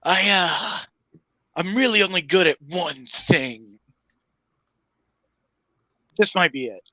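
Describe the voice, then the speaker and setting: A woman's voice: on the low side, lively intonation, slow pace, sharp tone, no room sound. A woman playing in a tabletop game, confident and teasing. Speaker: player. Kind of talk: casual tabletop play.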